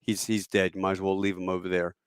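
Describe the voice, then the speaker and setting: A man's voice: low voice, level tone, quick pace, clear, resonant tone, no echo, clean studio sound, natural voice. A man doing a weary, resigned army doctor.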